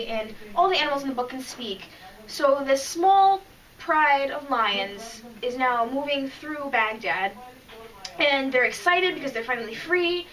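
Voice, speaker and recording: Woman, podcast co-host, high-pitched, bright, chatty, emotional, recorded from a distance. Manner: chatty and emotional, with frequent restarts. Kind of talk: casual chat reviewing comics.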